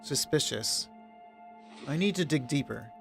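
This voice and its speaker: A man's voice: fairly high pitch, animated, measured pace, vocal fry, a bit bright, soft background music. Casual male streamer reading game text. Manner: casual, reads narration aloud, talks to himself. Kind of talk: let's play commentary and reading game text. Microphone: desk mic on an arm.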